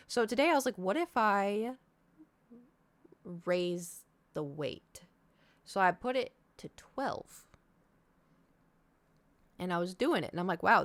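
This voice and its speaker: Young woman streamer, rambling casual storyteller, mid pitch, dry close sound. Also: no room sound. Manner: rambling, self-interrupting storytelling. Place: home.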